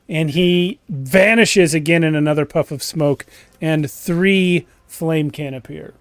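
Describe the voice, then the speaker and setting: A man narrating as game master of a tabletop game, relaxed and chatty, livening up during action. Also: a little high, measured pace, clear, resonant tone, no echo, studio quality. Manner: relaxed, with fillers and restarts, lively when describing action.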